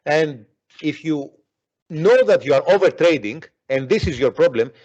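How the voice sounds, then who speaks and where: A man coaching traders in blunt, forceful talk that repeats itself and swears freely. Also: on the high side, expressive, normal speed. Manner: forceful, profane, repeats himself. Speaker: trading coach. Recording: dull lo-fi audio.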